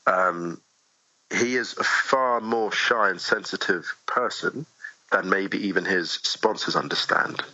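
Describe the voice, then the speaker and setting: A man talking as a guest in a casual podcast chat, animated and quick with asides, often laughing easily. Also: low-pitched, dry recording, muffled recording. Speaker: guest poet.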